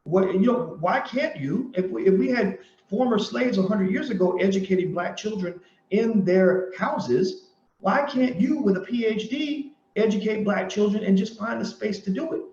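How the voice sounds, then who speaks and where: A man's voice: sits high, animated, moderate pace, darkish tone. A man hosting a commentary monologue, who talks emphatically, repeats his points and tells stories with quoted dialogue. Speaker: host and commentator. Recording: roomy, dull lo-fi sound.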